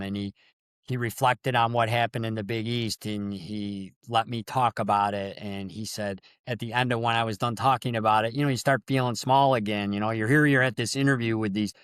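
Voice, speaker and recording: Earnest low-voiced man telling stories. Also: a bit bright, smooth, dry recording, clean studio sound. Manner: earnest, emotional storytelling. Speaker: guest, sports official. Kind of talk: storytelling interview.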